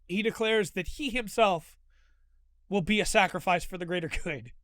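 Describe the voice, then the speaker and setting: In a casual review monologue, a host with a high, smooth, slightly bright voice walks through a show he loves, gushing and openly emotional as he retells it at a normal speed. The recording is dry and close, with no sense of room.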